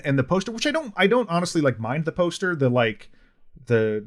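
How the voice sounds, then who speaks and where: A man with a mid-range voice co-hosts a casual podcast. He talks bluntly and a bit ramblingly about a film. He fills his sentences with "like" and restarts. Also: medium pitch. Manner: rambling, blunt, many fillers. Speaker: podcast co-host. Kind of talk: casual film review chat.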